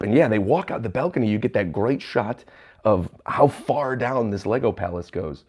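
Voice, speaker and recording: A man with a fairly low voice reacts to a new manga chapter on a livestream from a hotel room. He reads the panels aloud and chuckles often as he goes. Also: moderate pace, a little mellow.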